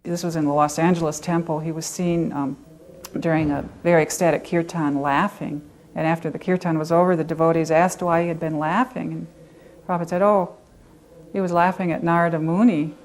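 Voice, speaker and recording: A woman tells a short anecdote as a devotee, lightly and with amusement. Her voice sits a little low for a woman. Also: fairly even intonation, brisk, a little mellow, slight background noise. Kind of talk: anecdote telling.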